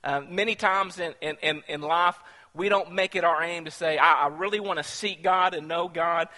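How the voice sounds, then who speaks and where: A man preaching in a sermon, drifting from chatty storytelling into loud, animated bursts. His voice is slightly high for a man and very bright. It rings out with a long reverb, as if from a church hall. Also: moderate pace. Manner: storytelling, grows loud and animated when excited. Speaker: pastor.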